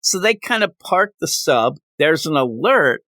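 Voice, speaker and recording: Guy hosting a comic review show, excited plot recap, dry close sound. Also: on the high side, unhurried, no room sound. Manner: animated retelling, laughs often. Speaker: comic book review host. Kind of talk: casual review chat.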